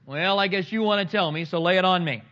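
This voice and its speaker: A man, the pastor, preaching a sermon and telling funny, animated stories to make his point. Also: sits high, quick pace, highs cut off. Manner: animated storytelling with humor.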